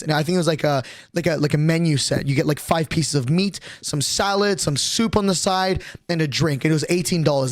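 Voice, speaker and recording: A man's voice: fairly high pitch, lively intonation, fast, hardly any pauses, no room sound, clean studio sound. A young man streamer telling a story in casual, profane, rambling talk.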